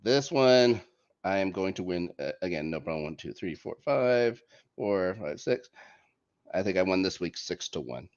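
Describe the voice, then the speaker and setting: Low guy hosting a footy podcast, voice swings up and down a lot, bit muffled lo-fi sound. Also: moderate pace, clean tone. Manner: lively, jokey, reads out fixtures. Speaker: podcast host. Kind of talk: casual sports chat. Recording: muffled lo-fi audio.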